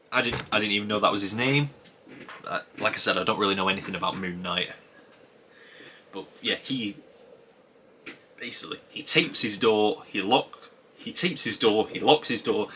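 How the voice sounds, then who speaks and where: A man's voice: fairly low pitch, bright, forceful tone, slight background noise. A man giving a casual spoken review of a TV episode, musing aloud and rambling with frequent restarts.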